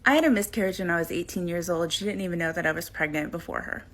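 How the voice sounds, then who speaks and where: A woman's voice: lowish voice, fast talker, a bit bright. A woman, a mother, earnestly recounting a story in a casual, matter-of-fact way.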